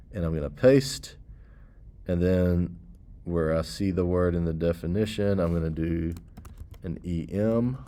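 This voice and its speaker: Guy explaining html on screen, low voice, keeps saying okay and all right. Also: dark tone. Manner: casual, talks through steps with frequent "okay" and "all right". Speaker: computer science teacher. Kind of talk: screen-recorded coding tutorial.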